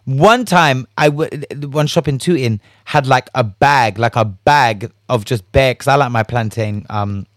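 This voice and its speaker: A man hosting a casual solo chat, animated, laughing and swearing freely as he acts out reactions. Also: medium pitch, a little slow, hardly any pauses, no echo, clean studio sound.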